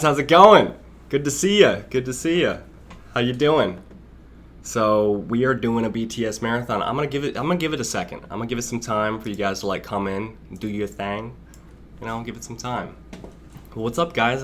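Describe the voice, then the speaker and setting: A man's voice: lowish voice, a bit bright, a little hiss or hum. A young man hosting a casual live stream, rambling and chatty as he greets viewers by name and laughs along. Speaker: livestream host.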